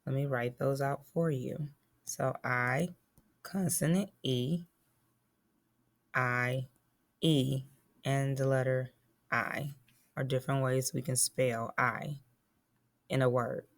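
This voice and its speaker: Slow, patient woman teaching phonics. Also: a bass voice, fairly even intonation. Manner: slow, patient, spells and sounds out words. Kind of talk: phonics lesson for young children.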